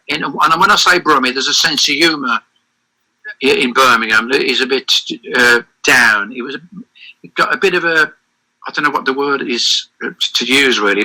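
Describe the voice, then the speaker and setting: Older guy reminiscing in an interview, animated, keeps restarting his sentences, really sharp bright voice. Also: medium pitch, low-quality recording. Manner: animated, rambling anecdotes with many restarts. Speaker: interview guest. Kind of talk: reminiscing interview over a call.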